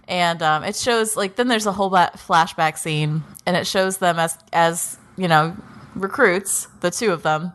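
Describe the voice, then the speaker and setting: A woman's voice: on the low side, normal speed, fairly bright tone. A young woman co-hosting a podcast, casually retelling anime episodes in a rambling way full of fillers. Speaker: podcast co-host.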